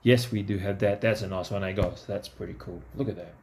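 A man's voice: deep voice, fairly even intonation, a little fast, a little mellow. A man giving casual, chatty commentary to himself as he opens trading card packs. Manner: talks to himself, easygoing and chatty. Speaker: card-opening vlogger.

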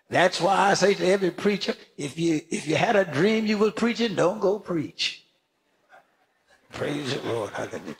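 A fervent older man preaching a sermon, his gravelly voice pitched high for a man. He delivers it slowly and deliberately, swinging widely up and down, and punctuates his points with praise and sudden shouts. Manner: fervent preaching with frequent hallelujahs and shouted emphasis. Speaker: bishop preaching.

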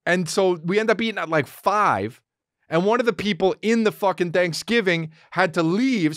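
A man's voice: high voice, very animated, normal speed, a bit bright, no echo. A man hosting a podcast, telling a comic story in a profane, rambling way into a studio mic. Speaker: podcast host.

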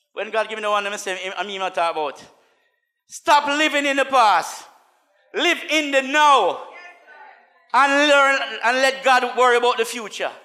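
A man preaching with a very high, piercing voice. He drops to soft asides, then rises into chanted, call-and-response shouts. His sharp, bright tone cuts through every line. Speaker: minister. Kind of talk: sermon.

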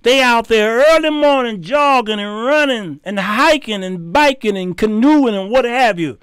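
A man with a strikingly high voice delivers a heated, preachy rant as host of his own show. His tone is smooth and clear, and he hammers his points home by repeating phrases as if scolding a congregation. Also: animated, a little slow, a bit bright, no room sound, studio quality.

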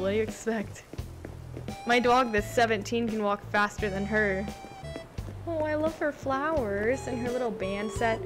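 Excitable young woman gushing over a game, highish voice, repeats herself, music playing behind. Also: rough recording. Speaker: gaming vlogger. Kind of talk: casual reaction commentary. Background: game background music.

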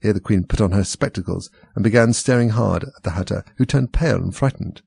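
A man reading a storybook aloud in a steady, plain way. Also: on the low side, brisk, creaky, breathy edge, dry recording. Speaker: audiobook reader.

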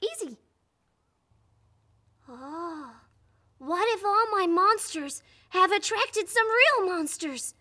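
A woman voicing a chatty, excitable little boy puppet who hosts a children's show and talks straight to the viewer. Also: very high voice, takes it slowly, long pauses, full character voice. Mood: proud. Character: playful little boy puppet, pre-school vlogger.

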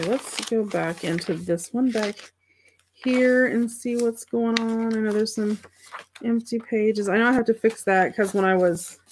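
A woman's voice: mid-range voice, darkish tone, slight background noise. Chatty woman talking through a craft project. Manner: chatty, thinks aloud, talks to viewers' comments. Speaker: crafting livestream host. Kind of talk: casual craft demonstration chat.

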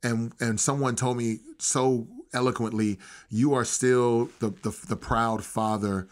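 A man's voice: mid-range voice, steady tone, a little slow. A man speaking as a podcast guest in a casual interview, telling a story in an earnest, heartfelt way with frequent restarts and familiar slang. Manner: slangy and familiar, calling the hosts bro.

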